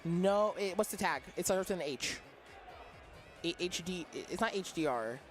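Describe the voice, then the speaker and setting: A high-voiced man chatting on a live esports stream, joking about himself and spinning lively anecdotes. He has faint music playing behind him. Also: normal speed. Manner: playful, self-deprecating, animated storytelling. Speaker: esports commentator. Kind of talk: casual live-stream commentary chat.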